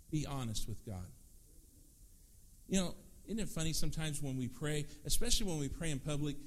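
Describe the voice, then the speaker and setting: Man preaching a lively sermon. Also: a little high. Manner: lively preaching, acts out prayers and quoted voices. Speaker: pastor.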